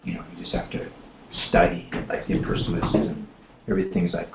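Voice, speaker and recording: A man's voice: deep voice, lively intonation, fast talker, creaky. Rambling man telling stories, echoey room. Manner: rambling, many fillers and restarts, laughs while telling. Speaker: speaker at a temple class. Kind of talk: casual storytelling class. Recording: roomy echo, dull lo-fi, faint room noise.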